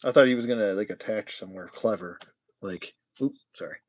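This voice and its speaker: A man's voice: on the low side, a little fast. Chatty man building toys on a livestream. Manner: chatty, jokey, talks to himself while building; hushed whispering at times. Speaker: toy collector host. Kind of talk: casual livestream toy build.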